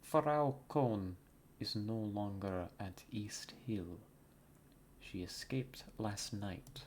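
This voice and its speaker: A man voicing a calm middle-aged German doctor with a put-on German accent, reading game dialogue aloud in a slow, measured way. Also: fairly low pitch, a little hiss or hum. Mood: grave.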